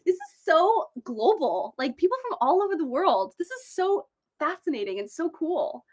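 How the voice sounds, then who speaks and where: A young woman from San Diego hosting her first livestream at her desk, bubbly and gushing as she reads out viewers' greetings, then talking about writing and slow living. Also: sing-song, a little mellow. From San Diego, USA. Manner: bubbly, gushing, often jumps up in pitch reading greetings. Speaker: author and video creator hosting a livestream. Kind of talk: casual livestream chat reading comments. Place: desk at home overlooking the ocean.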